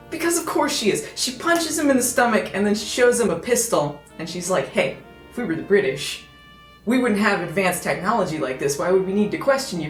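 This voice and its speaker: A woman reviewing a novel in a sarcastic, exasperated comic rant, stumbling over restarts. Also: mid-range voice. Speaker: video reviewer. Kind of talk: comedic book review. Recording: echoey room with faint music.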